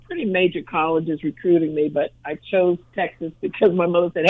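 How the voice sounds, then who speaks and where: A woman in her sixties from Massachusetts, with a light Massachusetts accent, telling stories in a lively, easy manner and laughing often during an interview. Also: on the low side, a little fast, narrow, tinny audio. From Brockton, Massachusetts. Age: 60s. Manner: upbeat, storytelling, laughs easily. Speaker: motivational speaker and former teacher. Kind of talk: casual interview answers.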